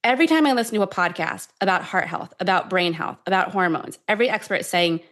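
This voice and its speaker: A woman in her thirties who is a tapping expert, guiding a calm tapping sequence and then telling stories in an animated, conversational way. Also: on the low side, fast talker. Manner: calm, soothing guidance shifting to animated storytelling. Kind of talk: guided tapping and conversational chat.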